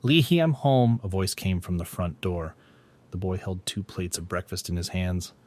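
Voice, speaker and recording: A man narrating a story recap in a plain, steady storytelling manner. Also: low-pitched, moderate pace.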